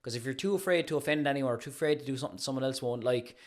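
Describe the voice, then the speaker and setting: A man's voice: mid-range voice, racing. A man hosting a podcast in casual chat, rambling and restarting his sentences, laughing often. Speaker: podcast host.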